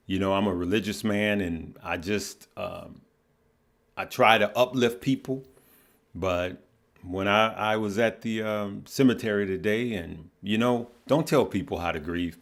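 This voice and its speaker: A middle-aged man hosting a livestream, talking earnestly and haltingly, often repeating words and answering viewers by name. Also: lowish voice, vocal fry. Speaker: livestream host. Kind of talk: casual heartfelt livestream talk.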